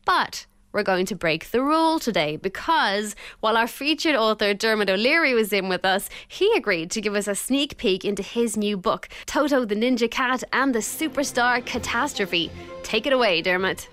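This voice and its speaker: A woman's voice: medium pitch, animated, moderate pace, few pauses, a bit bright, smooth, no echo, studio quality, faint music behind. A woman hosting a children's book radio show in an upbeat way. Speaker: radio host.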